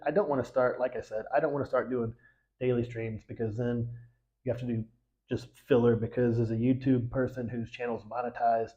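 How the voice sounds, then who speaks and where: A man's voice: medium pitch, mellow, muffled recording. A man from the United States hosting a casual livestream, chatting with viewers in a rambling way, full of fillers and restarts. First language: English. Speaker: livestream host.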